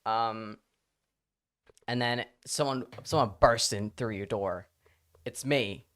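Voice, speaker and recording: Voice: mid-range voice, slow, a bit bright, clean tone. Rambling, giggly live streamer. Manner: rambling, laughs a lot, swears casually. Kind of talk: casual live-stream chat.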